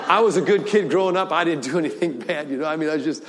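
A man's voice: on the high side, racing, few pauses, background noise. An older man preaching a sermon, telling a story with frequent laughter and repeated words. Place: large church hall. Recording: long hall reverb.

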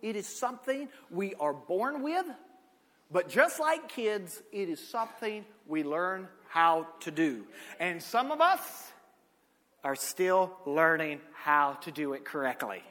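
A man, preaching a sermon with folksy stories, swinging from shouted peaks to low asides. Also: big pitch swings, slow pace. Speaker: pastor. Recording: echoey hall.

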